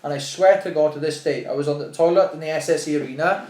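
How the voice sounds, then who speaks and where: A young Welsh man, a podcast guest, telling stories in casual chat, animated and swearing, acting out what people said. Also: a little high, quick pace, roomy sound. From Wales. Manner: animated, swearing, restarts and acts out quotes.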